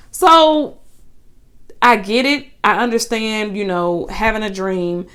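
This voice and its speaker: A woman's voice: mid-range voice, fairly bright tone, clear, resonant tone. A woman recapping a reality show in a casual, chatty way, with sassy asides. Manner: chatty, sassy asides, quick paraphrased quotes.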